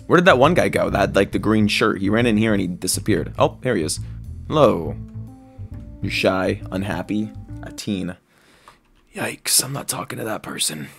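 A man giving excitable, jokey commentary while playing a survival game, squealing high whenever he is delighted. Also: moderate pace, gravelly, pauses often, soft background music. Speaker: gaming video creator.

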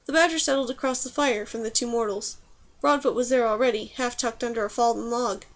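A woman's voice: fairly high pitch, a little fast. Woman narrating an audiobook. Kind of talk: scripted narration.

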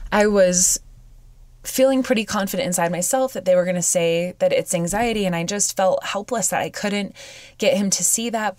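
A woman with a fairly low voice speaks close to the mic in a dry, dead room. She tells a personal story in a halting, emotional way and often stops to restart her sentences. She sounds weepy. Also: dry recording. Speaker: podcast host.

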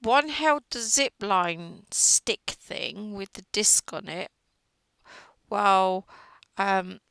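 A woman's voice: mid-range voice, extremely slow, gravelly, fairly bright tone, smooth, poor audio. A middle-aged woman chatting and gossiping while she crochets, often trailing off mid-sentence. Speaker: crochet vlogger. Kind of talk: casual chat while crocheting.

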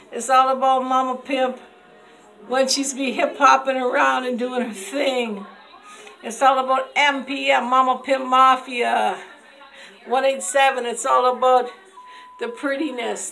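A woman with a high, bright voice rattles off a rhyming, slang-filled pitch for her homemade serums and soaps. She pushes hard and boastfully, then drops to a low murmur before building back up. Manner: swings between loud hype and low murmur. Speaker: homemade skincare seller. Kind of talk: hyped home product showcase.

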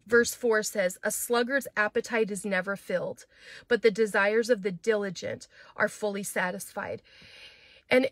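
Animated middle-aged woman pastor, dry sound. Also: medium pitch, no room sound. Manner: animated, acts out quoted voices, fillers and restarts. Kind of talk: teaching a Bible chapter, conversational.

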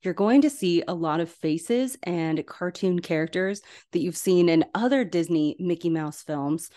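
Chatty woman host, lowish voice. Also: warm tone. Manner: gushing, enthusiastic, chatty with laughs. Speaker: podcast host. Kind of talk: casual film rewatch commentary.

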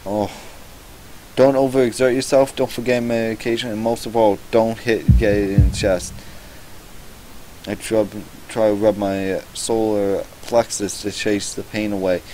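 A young man with a low voice reads a visual novel aloud for a let's-play. He breaks in with sarcastic asides and plenty of swearing. The commentary is loose and casual. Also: level tone, a little slow, dark tone, slight background noise, low-quality recording.

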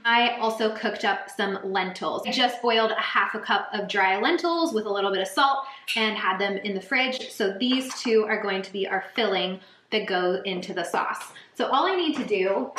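A woman's voice: mid-range voice, fairly bright tone, roomy sound. A young woman hosting a casual home cooking tutorial, chatty and bubbly as she talks straight to her viewers. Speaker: cooking channel host. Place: home kitchen.

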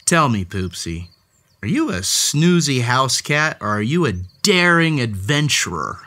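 A woman reads a children's picture book aloud in a rumbling low, slightly bright voice, a little slow but very animated. Playing it up theatrically, she gasps, exclaims and talks to the character as the story unfolds.

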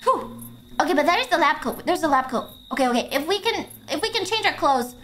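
A young woman streaming a game, chatting casually in an excitable, swearing, stammering way with frequent laughter, and faint game music behind her. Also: sits high, moderate pace, pauses often.

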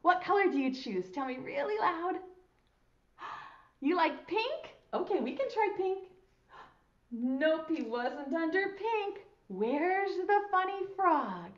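A high, bouncy woman's voice, a preschool teacher who speaks slowly and in a sing-song way to little children, praising them often. The sound is roomy and a bit dull, like a lo-fi recording in a classroom. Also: sing-song. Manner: sing-song, slow and exaggerated, with frequent praise. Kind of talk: teaching young children on video. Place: school.

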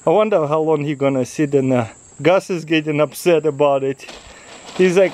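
High-voiced man coaxing his dogs outdoors. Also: a little slow, low-quality recording. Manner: laughs often, coaxing and praising the dogs. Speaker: dog owner vlogging his huskies. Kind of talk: casual outdoor vlog, talking to his dogs. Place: outdoors in a yard. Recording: loud outdoor background noise.

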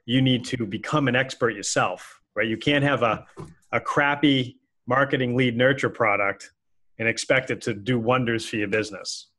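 A man's voice: medium pitch, normal speed, pushed and bright. A man co-hosting a casual business talk show, rambling with many fillers and restarts. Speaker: podcast co-host. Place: office with a whiteboard behind.

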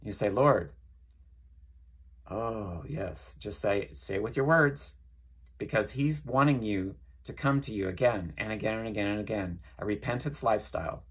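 Male preacher, low husky voice, earnest, repetitive prayer-leading delivery. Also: moderate pace. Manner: earnest, leads listeners in prayer, repeats phrases. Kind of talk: informal sermon.

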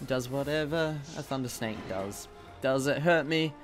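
A man's voice: medium pitch, moderate pace, faint music behind. A man giving casual, jokey commentary while playing a video game, mocking himself and exclaiming at what happens. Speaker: gaming channel host.

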